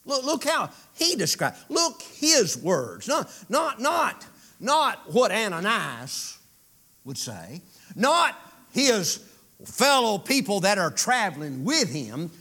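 A man preaching a sermon, swinging from loud declarations to near-whispers with folksy asides. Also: high-pitched, huge pitch swings, slow.

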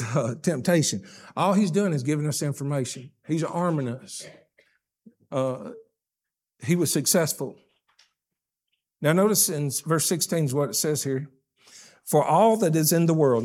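An older man with a drawl preaches in a folksy, plain-spoken way. His voice sits fairly high for a man. He leans hard on key phrases, then drops to quiet asides. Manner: folksy, emphatic preaching that swings between loud stresses and hushed asides. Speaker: pastor. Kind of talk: sermon.

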